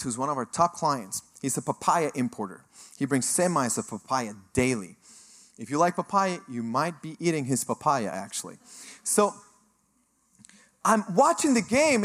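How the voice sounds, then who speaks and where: Speaking in a mid-range voice, a middle-aged man from Mexico gives a sermon testimony as a guest speaker. His storytelling is energetic and lively, and he performs the voices of those he quotes.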